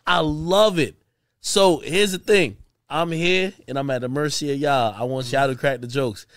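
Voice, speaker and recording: A man from Jamaica, a guest on a podcast, talking in excited banter and cutting in with repeated exclamations. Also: fairly high pitch, moderate pace, no echo, studio quality. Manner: animated, interrupting with repeated "yo"s.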